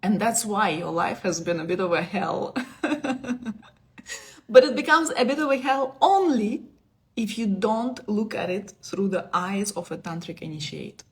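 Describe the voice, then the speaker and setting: A woman in her thirties giving a casual spiritual talk on a live stream. She is playful, laughs often and moves between soft asides and emphatic bursts. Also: mid-range voice, lively intonation, unhurried. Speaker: spiritual teacher. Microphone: phone or webcam on a live stream.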